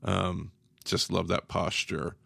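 Male podcast co-host, gravelly, halting and reflective, dry studio sound. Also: deep voice, little pitch movement, sharp tone, no room sound. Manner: thoughtful, halting, searching for words. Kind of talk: casual discussion.

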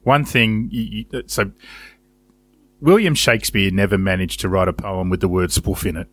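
A man co-hosting a casual motorsport chat, telling stories in a sweary, animated way. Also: fairly low pitch, normal speed, no echo. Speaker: podcast co-host.

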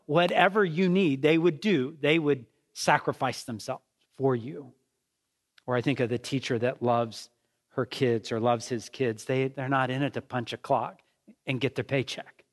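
A middle-aged man, a pastor, preaching an earnest, conversational sermon full of rhetorical questions. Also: fairly high pitch.

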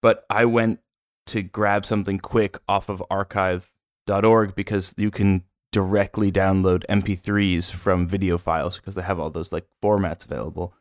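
A man with a very deep voice co-hosts a casual podcast. He chats loosely and rambles through his stories with many fillers. The sound is dry and close, with no room around it. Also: little pitch movement, moderate pace, no echo. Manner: rambling, filler-heavy storytelling. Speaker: podcast co-host. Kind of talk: casual chat.

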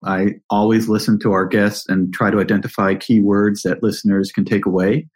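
A man hosting a podcast, asking his guest questions and summarizing key ideas in a measured way. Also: on the low side, little pitch movement, darkish tone. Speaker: podcast host. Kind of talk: interview questions.

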